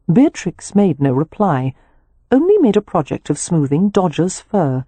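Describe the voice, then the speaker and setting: A woman narrating an audiobook in a measured storytelling manner, recorded on a close mic. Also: lowish voice, sing-song, mellow, husky, no room sound. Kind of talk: scripted narration.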